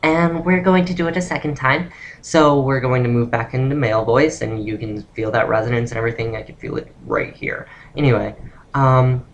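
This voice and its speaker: A young woman giving a casual spoken voice-training tutorial, relaxed and rambling with lots of ums. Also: rumbling low, fairly quick, muffled recording, a little hiss or hum. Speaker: vlogger teaching voice training.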